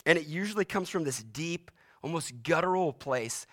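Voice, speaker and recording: Animated preaching man. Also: fairly high pitch, moderate pace. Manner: dramatic storytelling, voice rising and dropping sharply for emphasis. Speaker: pastor. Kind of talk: sermon.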